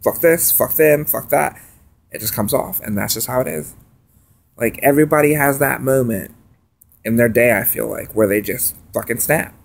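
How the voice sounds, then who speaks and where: A man venting in a profane, agitated late-night vlog rant that swings between loud outbursts and quiet mutters. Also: medium pitch, normal speed, creaky. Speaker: vlogger.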